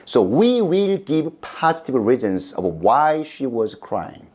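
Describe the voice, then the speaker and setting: A middle-aged man with a Korean accent preaches a sermon at an unhurried pace. His pitch rises and falls widely as he stresses words, and his voice sits in a moderate range. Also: big pitch swings, a little mellow. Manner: slow, emphatic delivery with big pitch swings. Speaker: pastor.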